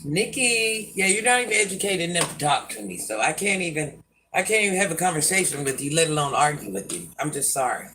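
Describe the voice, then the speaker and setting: Over some background noise, an older woman with a deep voice hosts a casual livestream, speaking briskly in a sing-song way. She is blunt and sassy with viewer comments and often speaks of herself in the third person.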